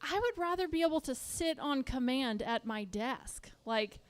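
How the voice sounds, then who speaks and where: Young female comic, smooth higher voice, chatty self-deprecating stand-up. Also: animated, measured pace. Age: young adult. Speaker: stand-up comedian. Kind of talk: stand-up routine. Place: comedy club stage.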